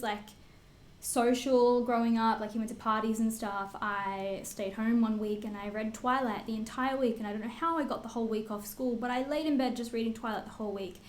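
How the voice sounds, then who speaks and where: A beauty vlogger in her twenties with an Australian accent and a fairly high voice chats candidly to camera, answering assumptions about herself. She swears freely and uses plenty of fillers, and the sound is roomy.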